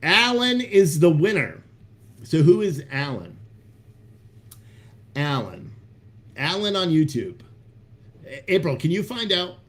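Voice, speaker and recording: A man's voice: fairly high pitch, very animated, slow, pauses often, a bit bright. A man hosting a live stream, chatting casually with viewers in a loose, profane, hyped-up way. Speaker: livestream host selling coffee.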